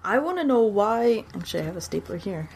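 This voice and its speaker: A woman's voice: medium pitch, big pitch swings, fast talker, gravelly, background noise. A woman from Texas chatting casually over a remote call, laughing easily. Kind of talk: casual chat.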